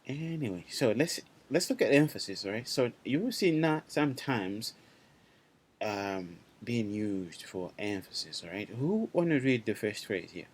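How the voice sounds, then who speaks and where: A man with a lowish voice teaches a small language class in a loose, chatty way. He restarts his sentences and keeps checking in with his students. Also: sing-song, a little slow, husky.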